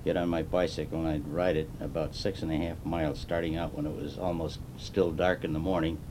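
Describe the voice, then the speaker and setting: A man in his seventies from Chicago, telling his life story slowly with many fillers in an oral history interview. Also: flat delivery. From Chicago, USA. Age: 70s. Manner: unhurried, rambling with fillers. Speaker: interviewee, retired car designer. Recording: noisy 1980s tape with rumble.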